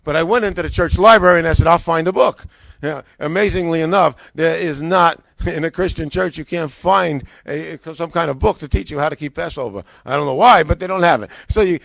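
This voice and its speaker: A man telling his own conversion story in a lively way, acting out what people said to him, with frequent restarts. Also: on the high side, vocal fry, no room sound. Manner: animated, acts out quoted dialogue, frequent restarts. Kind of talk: personal testimony, storytelling.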